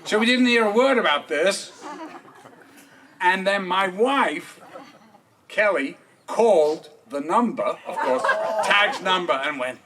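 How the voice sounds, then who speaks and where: Recorded from a distance with clear background noise, a man gives a eulogy at an outdoor park memorial. His high-pitched voice has lively intonation and a slow pace, and he chuckles often while sharing comic anecdotes.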